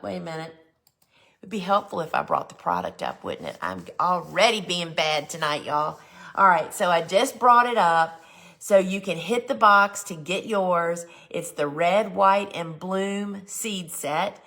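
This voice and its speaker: Chatty woman, lowish voice. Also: lively intonation, unhurried, a bit bright. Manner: chatty, enthusiastic, says "y'all" often. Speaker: host of a flower gardening live show. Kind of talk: casual live shopping chat.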